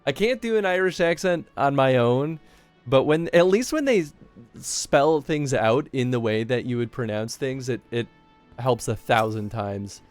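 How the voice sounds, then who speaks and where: A man's voice: mid-range voice, expressive, a little slow, soft background music. A tired, easygoing man streaming a game and chatting casually with viewers, a little self-deprecating after little sleep.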